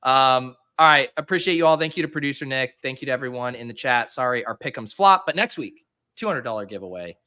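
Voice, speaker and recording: A man hosting a relaxed live stream, with a bright, forceful voice. He jokes loosely and keeps breaking into laughter as he chats with his co-hosts. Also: mid-range voice, fast talker, clean tone. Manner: laughs often, joking and loose. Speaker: host. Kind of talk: casual live-stream chat.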